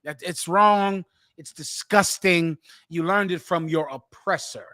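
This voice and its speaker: A man hosting a talk show, giving forceful preaching commentary and repeating phrases for emphasis. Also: sits high, a little slow. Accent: American.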